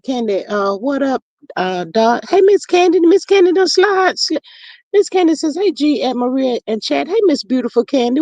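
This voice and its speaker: A woman's voice: on the high side, a little mellow, dry recording, muffled recording. A folksy woman hosts a livestream and chats casually while reading viewer comments. She drawls and leans on down-home slang. The sound is dry and close, with no room in it. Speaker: livestream host.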